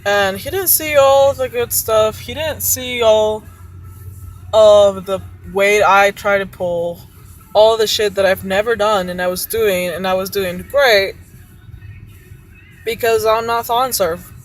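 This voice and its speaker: A woman's voice: medium pitch, slow pace, faint music behind, poor audio. A woman who works as a cook, frustratedly venting about her job and swearing often.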